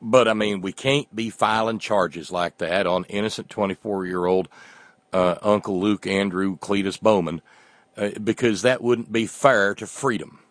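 A man's voice: fairly low pitch, a little slow, no room sound. A man delivering a sarcastic satirical monologue as a commentator, often restarting his words.

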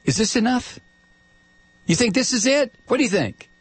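A man hosting a political call-in radio show, angrily firing off repeated rhetorical questions and sometimes shouting. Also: very high voice, sing-song, moderate pace, slightly rough, no room sound. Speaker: radio talk show host.

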